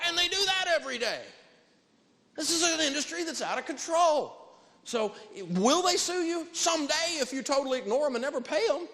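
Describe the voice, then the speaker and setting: A man gives an emphatic live talk from a stage, his voice leaping widely and dramatically up and down. His delivery is animated and forceful, with punchy repeated points. A long reverb from the big hall hangs after his words. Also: very high voice. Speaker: financial speaker.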